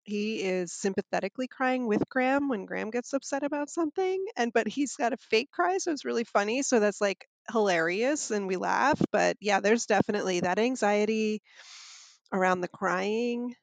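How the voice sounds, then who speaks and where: Woman, casual podcast chat, candid, animated, mother of two, mid pitch, dry sound. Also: normal speed, vocal fry, no room sound. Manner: candid, animated storytelling with swearing.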